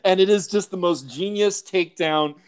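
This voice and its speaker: A man's voice: high voice, normal speed, smooth. A man co-hosting a movie podcast, enthusiastically retelling comedy scenes, laughing often and acting out the quotes. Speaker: podcast co-host. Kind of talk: casual film discussion.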